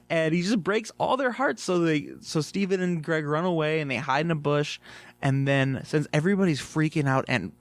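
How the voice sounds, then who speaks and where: Junger Mann, lockere Serienkritik, trockener Raum. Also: male voice, a little high, normal speed, no echo. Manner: rambling, filler-heavy, swears freely. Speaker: TV episode reviewer. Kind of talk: casual spoken review.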